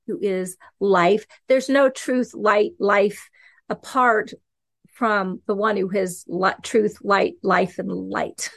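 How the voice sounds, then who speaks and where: A woman's voice: mid-range voice, a bit bright. A woman teaching scripture in a casual, conversational way, often checking in with "okay" and "right.". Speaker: podcast teacher.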